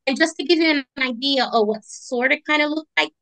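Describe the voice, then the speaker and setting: A woman's voice: high-pitched, a little fast, no echo. A middle-aged woman, an artist and army veteran, telling her story as an interview guest and acting out the voices in it. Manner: animated, acts out voices in her stories. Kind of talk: conversational storytelling.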